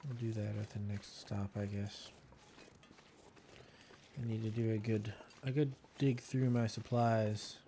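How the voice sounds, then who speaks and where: Casual male streamer, mellow tone, playful running commentary, faint hiss. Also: lowish voice, level tone, a little slow, long pauses. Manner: playful, thinks aloud while playing. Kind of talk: casual gameplay chat.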